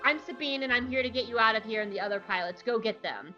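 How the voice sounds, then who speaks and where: A woman's voice: fairly high pitch, fast, pushed and bright, lo-fi sound, soft background music. A woman voicing a tough, blunt teenage girl rebel who talks straight. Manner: blunt, sly.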